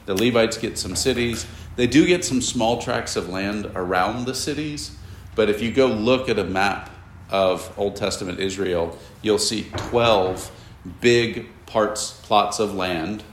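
A man with a lowish, unhurried voice teaches a Bible lesson in a classroom, explaining at length, asking his students questions, and adding casual asides. The room is echoey, with slight background noise.

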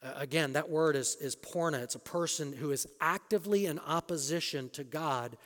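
Male pastor, sermon delivery, emphatic with loud peaks and low drops, slightly high voice, big hall reverb. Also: normal speed. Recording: long reverb of a large hall.

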